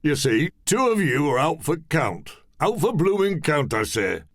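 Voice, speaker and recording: A man's voice: a little high, sing-song, measured pace, no echo, studio quality, voice pushed up, exaggerated voice. A man voicing a bossy, skinny man in a suit who scolds in old-fashioned slang. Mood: blustering.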